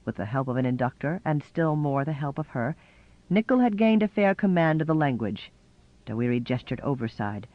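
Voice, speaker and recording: A man reading a novel aloud in measured, scripted narration. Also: mid-range voice, sing-song, no room sound, highs cut off. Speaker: audiobook narrator.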